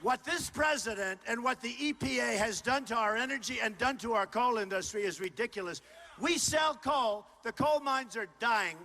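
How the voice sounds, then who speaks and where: An older man addresses a rally crowd, his high-set voice forceful and tense. He talks off the cuff, repeats himself and keeps pushing the same points loudly. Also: normal speed, gravelly. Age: 60s. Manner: loud, repetitive, ad-libbed crowd address. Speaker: political candidate. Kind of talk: campaign rally speech. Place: large rally hall.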